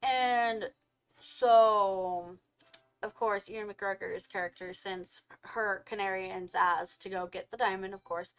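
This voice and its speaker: A young woman co-hosting a casual film review, retelling the plot with animated storytelling and quick acted-out quotes of the characters. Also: mid-range voice, clean tone.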